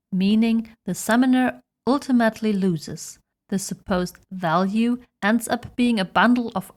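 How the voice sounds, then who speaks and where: A woman narrating a scripted esoteric explainer in a measured, dramatic storytelling manner. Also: mid-range voice.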